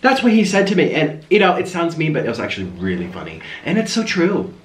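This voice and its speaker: A man's voice: fairly high pitch, huge pitch swings, fast. Young guy mukbang host, rambly and chatty, really bouncy voice. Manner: rambling, chatty, talking between bites. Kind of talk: casual chat while eating on camera. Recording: roomy echo.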